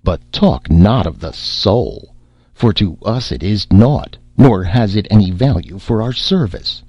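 A man's voice: fairly low pitch, animated, a little slow, dark tone, breathy edge, no room sound, dull audio. A man voicing a mocking, greedy merchant who talks scornfully in archaic speech. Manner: scornful and dismissive.

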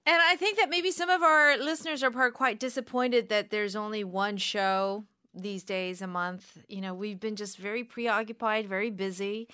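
A woman's voice: mid-range voice, fairly even intonation, moderate pace, hardly any pauses, bright, forceful tone, clear, resonant tone, dry recording, studio quality. A woman from the United States, co-hosting a radio podcast in chatty, enthusiastic banter as an English teacher. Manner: chatty, enthusiastic, laughs easily. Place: radio studio.

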